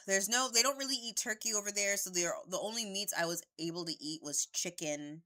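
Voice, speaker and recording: A woman's voice: medium pitch, moderate pace, pushed and bright. A young woman at home giving casual, rambling gameplay commentary on a headset mic, swearing freely. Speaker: streamer.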